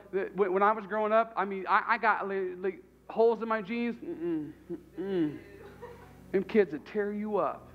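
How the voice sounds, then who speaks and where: A man's voice: sits high, muffled recording. A man preaching a sermon as pastor, talking conversationally and animatedly and repeating his phrases.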